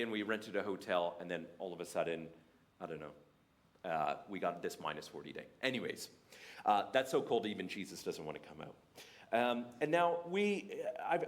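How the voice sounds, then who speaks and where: A young Canadian man with a Canadian accent, giving a humorous, animated talk at a church faith day. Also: lowish voice, brisk. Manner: animated, jokey, mimics other voices. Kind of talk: sermon-style talk with humour.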